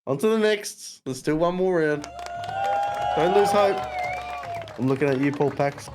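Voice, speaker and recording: A man's voice: a little high, expressive, unhurried, a crowd in the background. A man hosting a live music game show, chatting casually and teasing the contestants. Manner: laughing, teasing banter. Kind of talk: casual live-stream chat.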